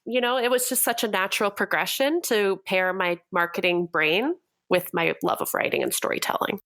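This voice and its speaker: A woman's voice: medium pitch, fairly even intonation, moderate pace, a bit bright, dry recording. A young adult woman from Canada, a copywriter guest on a podcast interview, speaking with bubbly enthusiasm.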